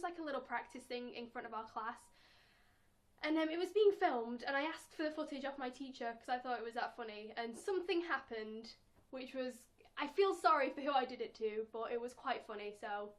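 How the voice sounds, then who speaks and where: A young woman with a British accent, chatting playfully in a casual question-and-answer vlog and acting out quotes in a squeaky voice. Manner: acts out quotes in a squeaky high voice. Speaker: vlogger.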